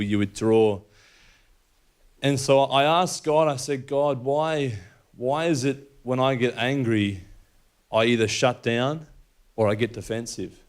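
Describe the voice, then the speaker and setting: A man's voice: mid-range voice, smooth. Man telling faith stories. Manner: conversational storytelling, acting out dialogue. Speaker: speaker at a faith event. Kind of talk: personal faith talk to an audience.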